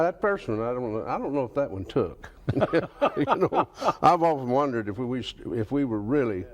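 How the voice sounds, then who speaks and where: A Southern-accented man in his fifties spins folksy anecdotes in a low, drawling voice. His pitch swings widely as he chuckles his way through a tale. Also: creaky, darkish tone. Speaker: guest, country singer and author. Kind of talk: casual storytelling in a TV interview.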